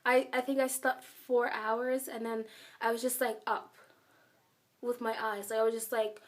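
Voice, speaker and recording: This vlogger's voice is on the high side with little pitch movement and a measured pace. She tells her story casually and ramblingly, emphatic and full of the filler "like," positioned a bit away from the mic.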